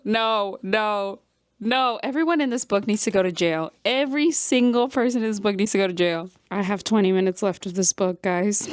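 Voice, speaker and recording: A young woman vlogging casually about a book she is reading, talking in an animated way, laughing often and swearing freely. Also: a little high, normal speed. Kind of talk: casual vlog chat.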